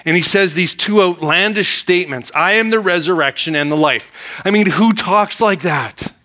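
A man's voice: high voice, normal speed, sharp tone. A man preaching a sermon as pastor, reading scripture aloud and then unpacking it with rhetorical questions put to his listeners.

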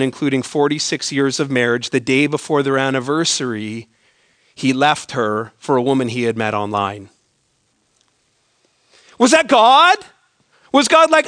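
High-voiced animated male preacher. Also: no room sound, clean studio sound. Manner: animated preaching, mimicking God in asides, dropping soft for stories. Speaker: pastor. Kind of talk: sermon.

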